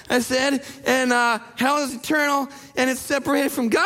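A man who pastors a church, preaching a sermon and telling stories with lively acted-out quotes. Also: very high voice, normal speed, in a large hall. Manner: animated storyteller acting out quoted people. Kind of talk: sermon storytelling.

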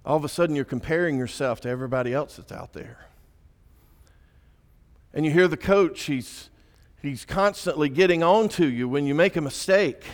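A man preaching a sermon, swinging between hushed and emphatic delivery. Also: on the high side, moderate pace. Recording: echoey church hall.

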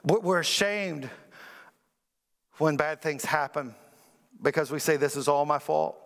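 A man's voice: a little slow, creaky, a bit bright, big-room sound. A man preaching a sermon, calling on the congregation to repeat words after him and speaking with rising emphasis. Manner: preaching with call-and-response, rising emphatic pitch. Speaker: pastor.

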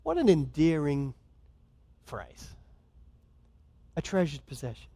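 A man with an Australian accent, a guest pastor preaching a sermon in a conversational, earnest manner that swings between soft and loud. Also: on the high side. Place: church. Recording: long hall reverb.

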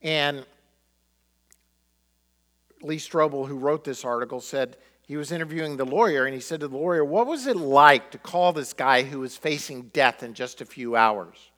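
A man preaching from the pulpit, his voice sitting a little higher than most. He tells the story in a sermon style and gives each quoted line its own feeling. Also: moderate pace. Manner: animated storyteller acting out quotes. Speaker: pastor.

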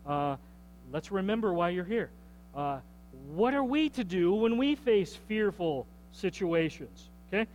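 Male pastor, sermon, high voice, chatty check-ins, faint noise behind. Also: animated, a little slow, a little mellow, rough recording. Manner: conversational preaching, frequent "okay?" check-ins and repeated words. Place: church.

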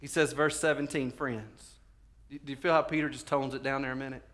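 A male pastor preaching a sermon, swinging from quiet pleading to fervent shouting. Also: mid-range voice, flat delivery, quick pace.

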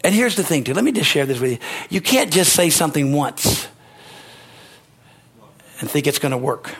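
A male pastor delivering an emphatic sermon, his voice pitched high with a husky, breathy edge. He repeats lines for emphasis and drops in amens and hallelujahs, building to ringing exclamations. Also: very animated, normal speed, a bit bright. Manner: emphatic preaching with rising exclamations.

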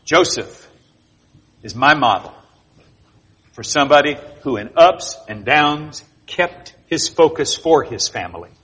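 A man preaching a sermon, telling animated, jokey stories with sound effects. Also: on the high side, measured pace, breathy edge. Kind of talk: sermon with storytelling.

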